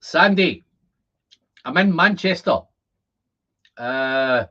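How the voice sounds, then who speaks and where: A Scottish man in his fifties hosting a casual whisky livestream, chatting to viewers and rambling as he thinks out loud. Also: mid-range voice, big pitch swings, slow pace, long pauses. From Scotland. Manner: chatty, rambling, repeats words when thinking. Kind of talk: casual livestream chat reading comments. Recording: dull lo-fi stream audio.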